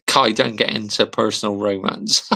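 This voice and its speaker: A man's voice: fairly low pitch, vocal fry, sharp tone. A young man, hosting a casual football livestream, reading chat comments aloud, laughing often and answering with slang.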